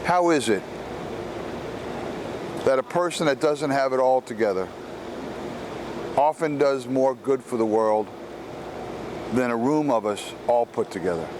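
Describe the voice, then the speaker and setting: A man's voice: mid-range voice, a little slow, long pauses, background noise. A man giving a gospel reflection, telling a story in a conversational way and acting out the people in it. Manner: conversational, acts out the people in his stories.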